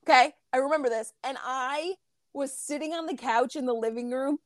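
A woman co-hosting a casual chat podcast, telling a story with animated retelling. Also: normal speed, no room sound, studio quality. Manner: animated storyteller, voice climbs high when retelling her crying. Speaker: podcast co-host.

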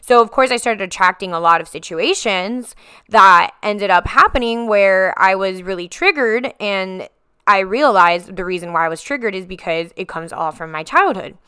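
A woman's voice: mid-range voice, expressive, moderate pace, sharp tone, smooth, no room sound, clean studio sound. A woman hosting a podcast, telling a personal healing story in an emphatic, repetitive way and addressing listeners as guys. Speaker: podcast host.

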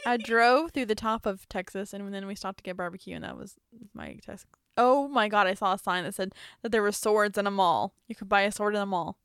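A young woman co-hosting a casual book chat, animated and quick with jokes. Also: medium pitch, clear, resonant tone, no room sound, studio quality. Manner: animated, joking, quick asides. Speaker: podcast co-host.

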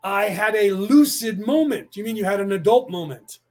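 A man's voice: high-pitched, lively intonation, normal speed, a little mellow. A man delivering a rambling, profane monologue, full of rhetorical questions and sudden bursts of speed.

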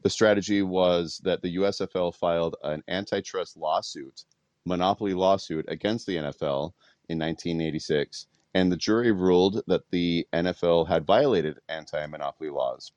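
Man host, very low voice, casual fact recap, dry. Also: moderate pace, darkish tone, no echo. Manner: reads facts with fillers and restarts. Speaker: podcast host.

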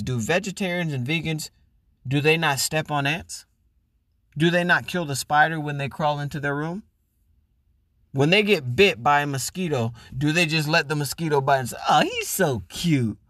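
A man's voice: a little high, normal speed, dry recording, studio quality. A man hosting a podcast, delivering a profane, mocking comedic rant and acting out the people he mocks. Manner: loud, profane, mocking, acts out voices. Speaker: podcast host.

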